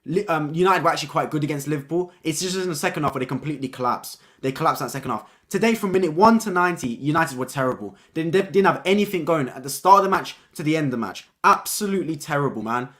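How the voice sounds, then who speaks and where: A young man hosting a live-stream football review, talking casually and excitedly, repeating his points and ending lines with "man". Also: on the high side, fast, few pauses.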